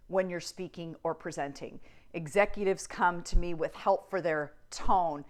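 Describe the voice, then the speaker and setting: A woman's voice: on the low side, unhurried. A middle-aged woman, a media coach, giving a coaching talk on presentations and trying out different tones as she goes. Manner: expressive, demonstrates tones by switching delivery.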